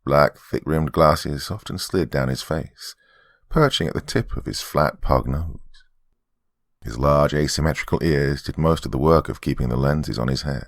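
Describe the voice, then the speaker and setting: A man narrating a horror story as host of his podcast, in a dry, measured storytelling manner. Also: a bass voice, gravelly, no room sound.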